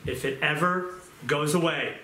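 A man's voice: fairly high pitch, measured pace, sharp tone. A man giving an informal sermon in a conversational way, repeating phrases and restarting sentences as he goes. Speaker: pastor. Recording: roomy echo.

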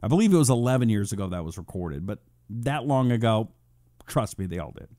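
On a political talk radio show, the male host reads listener messages and fires back at critics, sarcastic and combative, mimicking them in high, put-on voices. He sounds expressive and brisk, with a darkish tone. The studio recording is clean, with no room sound.

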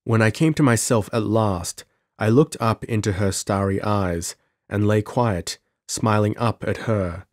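Low-voiced male audiobook narrator. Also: unhurried, a little mellow, no echo, studio quality. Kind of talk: scripted narration.

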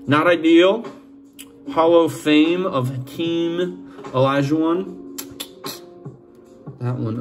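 A man with a Boston accent hosting a sports card channel, chatting and joking with viewers while opening packs. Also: medium pitch. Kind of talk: casual pack-opening commentary.

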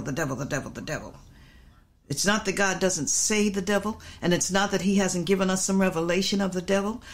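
Woman pastor giving repetitive, emphatic Bible teaching. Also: medium pitch.

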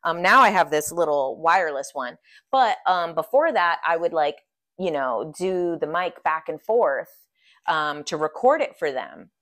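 A woman's voice: low voice, animated, measured pace, a bit bright. A woman telling a story in a chatty, casual way, full of "like" fillers.

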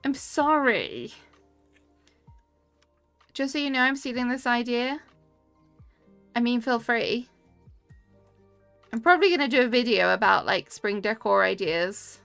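A woman's voice: on the high side, moderate pace, vocal fry, long pauses, a bit bright, clean tone, no room sound, soft background music. A young woman live-streaming a cozy game, chatting casually and answering her chat as she builds.

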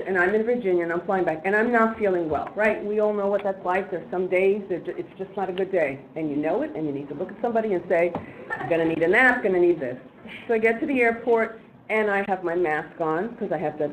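A woman giving a storytelling talk at a training event, animated and laughing as she acts out other people's lines. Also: on the low side, noisy background. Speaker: speaker at a disability training. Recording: echoey room with faint ambience.

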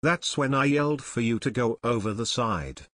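A man reading an audiobook, voicing a calm, level-headed teenage boy detective who explains things in a low, even voice. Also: moderate pace, dry recording, close to an everyday voice. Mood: explaining. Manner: level, explaining, sometimes hushed.

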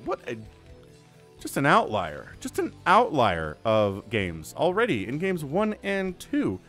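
Lively, upbeat male game caster. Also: fairly high pitch, slow, faint music behind. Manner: chatty, joking asides. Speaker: game shoutcaster. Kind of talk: casual solo game commentary.

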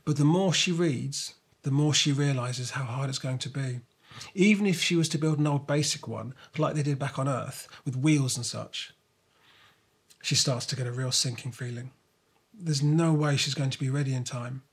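A man narrating a children's storybook in a lively, expressive way. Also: medium pitch, moderate pace, slightly rough.

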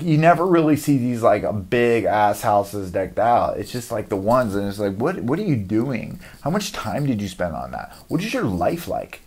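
A young man delivering a rambling, profane comedic rant as a podcast host. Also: lowish voice.

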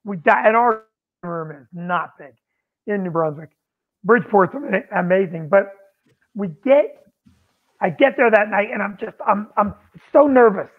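A man with a high voice tells animated stories about running a comedy club, acting out the people in them. He comes through a thin, phone-like line. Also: unhurried, long pauses. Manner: animated storyteller acting out quotes. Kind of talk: casual storytelling on a podcast.

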